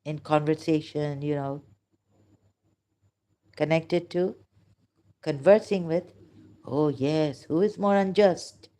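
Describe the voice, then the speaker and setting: A woman speaking in an impassioned, emotional monologue, halting often with pauses and restarts. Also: low voice, dark tone. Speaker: religious critic vlogger.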